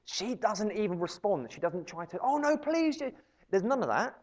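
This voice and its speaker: A man gives a conversational sermon, slipping into small acted-out scenes from everyday life. His voice sits a little high for a man. The recording is dull and lo-fi. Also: expressive, moderate pace. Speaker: preacher. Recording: dull lo-fi sound.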